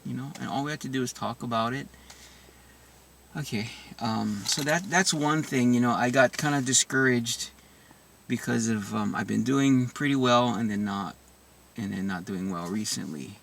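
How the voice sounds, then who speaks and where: A man speaking in a slow, halting way, often restarting his sentences as he works through personal experiences. His voice sits at an ordinary middle pitch. He is set a little back from the microphone. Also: gravelly, far from the mic. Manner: halting, full of restarts and soft asides. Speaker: vlogger sharing personal experience. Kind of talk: reflective personal monologue.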